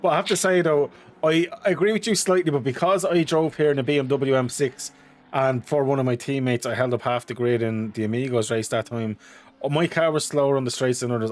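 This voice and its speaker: A man's voice: medium pitch, fairly even intonation, brisk, a little mellow. A man streaming and co-commentating a sim race, talking in a chatty and teasing way.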